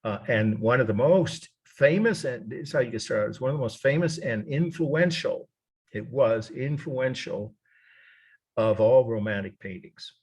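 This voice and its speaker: A man's voice: medium pitch, lively intonation, a little slow, darkish tone, slightly rough. A middle-aged man teaching a college art history lecture, rambling and correcting himself as he goes, spelling names out letter by letter.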